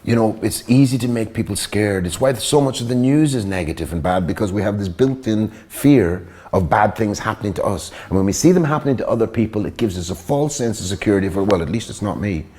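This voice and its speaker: A man's voice: lowish voice, animated, fast, hardly any pauses, warm tone. Indignant Irish man, emphatic retorts. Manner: indignant, emphatic, rising sharply on rhetorical retorts. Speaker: documentary interviewee. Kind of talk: impassioned talking-head interview.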